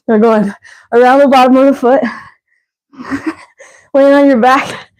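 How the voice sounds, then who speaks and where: A woman fitness instructor leads a live workout, counting reps and cueing stretches while breathy and winded between cues. Her voice is high and a little mellow, with fairly even intonation, an unhurried pace and frequent pauses, on a rough recording.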